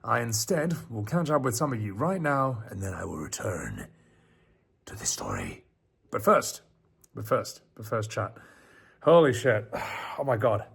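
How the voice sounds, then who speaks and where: A man reading horror stories on a live stream at night, theatrical and dropping into low whispers, chatting with viewers between passages. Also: sing-song, unhurried, vocal fry, breathy edge. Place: outdoors on a porch at night.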